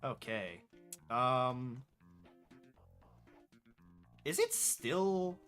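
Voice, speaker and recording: A man's voice: mid-range voice, very animated, very slow, fairly bright tone, smooth, soft background music. Laid-back young man streaming a game. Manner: laid-back, rambling, swears casually. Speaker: gaming streamer. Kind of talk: casual gameplay commentary.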